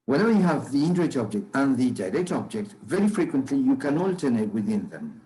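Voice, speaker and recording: A man teaching a grammar class in a measured lecture, often checking understanding with "okay?" and "right?". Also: mid-range voice, sing-song, warm tone, a little hiss or hum, rough recording.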